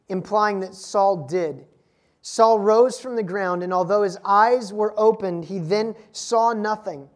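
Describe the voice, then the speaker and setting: A woman's voice: medium pitch, darkish tone. A woman preaching a sermon, asking rhetorical questions, stressing key words and adding laughing asides to the congregation. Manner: dynamic preaching with rhetorical questions and strong emphasis.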